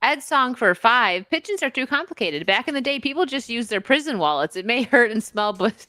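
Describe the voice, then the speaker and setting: Woman, stream host, bright voice, dry close sound, giggly, reads donations. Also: fairly high pitch, lively intonation, a little fast, dry recording. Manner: laughs often, reads out donations. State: tired. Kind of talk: casual live-stream chat.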